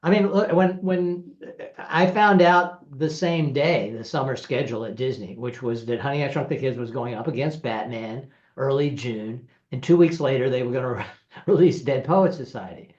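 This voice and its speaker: Animated man telling a story, roomy sound. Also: mid-range voice, normal speed, dull audio. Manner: animated, acts out quoted voices, laughs through stories. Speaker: screenwriter guest. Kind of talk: anecdotal storytelling.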